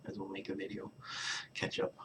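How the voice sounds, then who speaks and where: A man's voice: brisk, background noise. A young man rambling casually to camera in a vlog, often trailing off into near-whispers and sighing. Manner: mumbling, trailing off into near-whispers, sighs and laughs. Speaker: vlogger.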